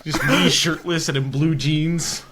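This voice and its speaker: A man's voice: a little high, steady tone, unhurried, heavy background noise. A young man co-hosting a podcast, joking crudely in casual chat with lots of laughter. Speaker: podcast co-host.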